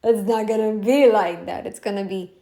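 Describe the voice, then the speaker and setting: A woman's voice: mid-range voice, steady tone, mellow. A woman vlogger talking to camera in a casual, insistent way, repeating herself for emphasis. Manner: insistent and repetitive, drawn-out emphatic phrasing.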